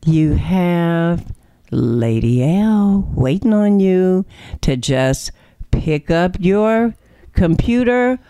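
A woman's voice: deep voice, dark tone, no echo. A woman hosting a talk radio show, giving opinionated commentary in an emphatic, preachy way full of rhetorical questions.

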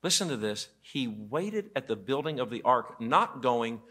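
Bright-voiced male pastor preaching. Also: medium pitch, a little slow, hardly any pauses. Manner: animated storytelling with quoted voices. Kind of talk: sermon. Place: church auditorium.

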